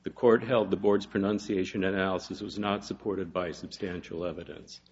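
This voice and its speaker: A man presenting an oral argument in a courtroom as an appellate attorney, formal and measured with some hesitant fillers. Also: sits low, fairly even intonation, a little mellow. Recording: dull lo-fi courtroom audio.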